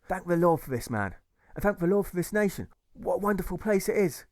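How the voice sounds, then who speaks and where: A man's voice: sits high, expressive, a little fast, a little mellow, dry recording, voice pushed up. A man voicing an idealistic young pacifist who gives an impassioned rallying speech. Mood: earnest.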